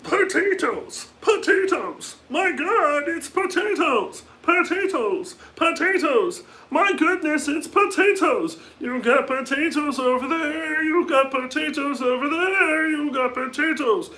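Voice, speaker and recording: A frantic fool yelling about potatoes in a piercing, bright falsetto, as a man puts on a silly voice. He screams, draws the words out slowly and sounds strained and manic. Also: lively intonation, full character voice. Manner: shrill, screaming, over-the-top.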